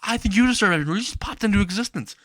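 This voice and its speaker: A man voicing a loud, hot-tempered teenage boy who yells in a raised voice. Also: expressive, rapid-fire, dry recording. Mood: yelling. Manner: yelling, raised pitch.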